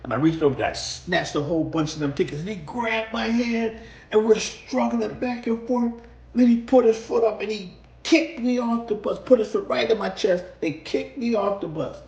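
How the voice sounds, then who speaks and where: Animated man telling a story. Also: sits high, moderate pace, gravelly, echoey room, highs cut off. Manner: animated, acts out scenes. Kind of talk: casual spoken storytelling.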